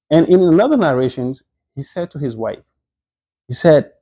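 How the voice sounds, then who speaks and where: Mellow-voiced man giving a religious lecture. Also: medium pitch, brisk. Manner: conversational, repeats and restarts phrases, frequent exclamations; slips into quoted Arabic phrases. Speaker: Islamic teacher. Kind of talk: recorded Islamic history lecture.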